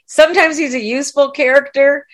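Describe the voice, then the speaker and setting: A woman's voice: sits high, steady tone, a little fast. A woman co-hosting a podcast, chatting enthusiastically and bluntly and laughing easily. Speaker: podcast co-host. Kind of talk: casual discussion of a TV series.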